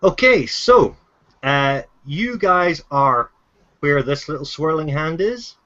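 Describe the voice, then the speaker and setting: Man, game master, fairly high voice, stumbling over words, muffled lo-fi audio. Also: animated, fairly bright tone. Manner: halting, repeats words, laughs often. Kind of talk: narrating a tabletop game. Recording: dull lo-fi recording.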